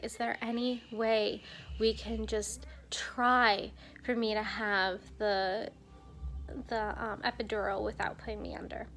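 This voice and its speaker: A young woman vlogger telling a personal story in a casual, animated way, acting out what others said to her. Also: fairly high pitch. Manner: animated retelling, acting out quoted dialogue.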